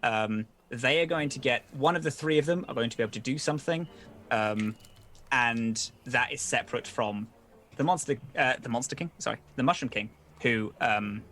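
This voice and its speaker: A man narrating as game master in a tabletop game, casual and loose, swearing freely and filling pauses with ums. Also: mid-range voice, fairly bright tone, slight background noise.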